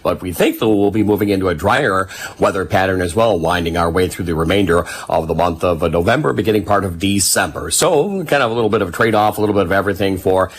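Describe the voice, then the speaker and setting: A man with a fairly low voice reads the radio weather at a quick clip. His forecast is brisk and folksy, with a faint hiss of noise behind him. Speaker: meteorologist.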